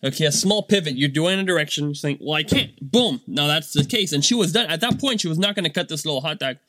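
Guy in his 30s rambling casually, kinda high voice, lots of "like" and "right?", dry close sound. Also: expressive, quick pace, bright, forceful tone, no room sound. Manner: chatty, many fillers and rhetorical "right?". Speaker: business owner vlogger. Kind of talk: casual monologue.

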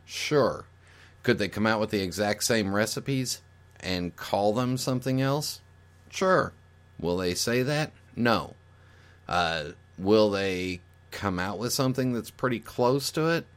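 A middle-aged man with a fairly low voice talks casually as a podcast guest. He lays out his view step by step, hedging and guessing aloud, with fillers and restarts along the way. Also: animated, takes it slowly, clear, resonant tone. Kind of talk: casual explanatory talk.

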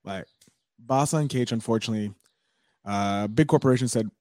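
A man's voice: medium pitch, moderate pace, warm tone, no room sound, clean studio sound. A man hosting a podcast, chatting casually and enthusiastically with his guest. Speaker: podcast host. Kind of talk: casual conversation.

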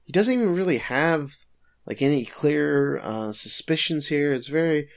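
A man's voice: a little high, lively intonation, normal speed, vocal fry. A man co-hosting a podcast, casually recapping an episode with filler words and light chuckles. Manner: laid-back summarizing with filler words and chuckles.

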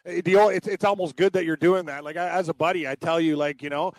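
A man's voice: a little high, fairly even intonation, fast, no room sound. A man co-hosting a casual sports chat, rambling and emphatic, often repeating himself. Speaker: sports podcast co-host.

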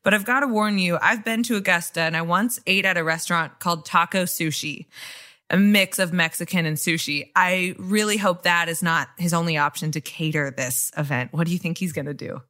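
A woman's voice: fairly low pitch, a little fast, sharp tone. A woman from the American Midwest hosting a podcast in easygoing casual chat, laughing often. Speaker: podcast host.

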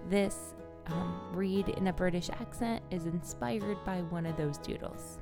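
A woman hosting a podcast for mothers, giving a calm, gentle and encouraging self-care pep talk. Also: lowish voice, a little slow, gravelly, music in the background.

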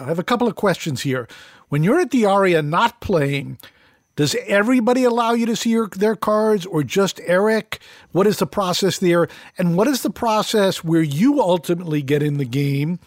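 A man's voice: high-pitched, lively intonation, normal speed, no echo, studio quality. A man hosting an interview, asking long questions in several parts. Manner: long, multi-part questions. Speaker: interview host.

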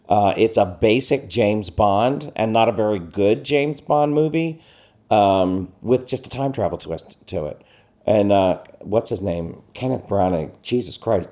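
A man co-hosting a casual film chat, giving blunt, animated opinions with frequent ums and restarts, his voice getting tired. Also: fairly low pitch. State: voice tiring. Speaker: podcast co-host. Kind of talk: casual movie review chat.

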